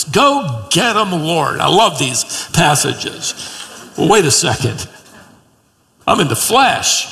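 A man preaching with an animated storyteller's delivery, his voice high and bright. Now and then he acts out a quoted line. The sound carries a long reverb from the sanctuary around him. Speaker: pastor. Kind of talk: sermon.

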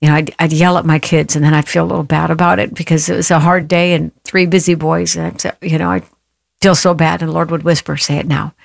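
Low gravelly-voiced woman radio host. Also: flat delivery, fast, no room sound, clean studio sound. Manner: earnest, heartfelt personal storytelling; direct, encouraging address to listeners. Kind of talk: faith talk-show monologue.

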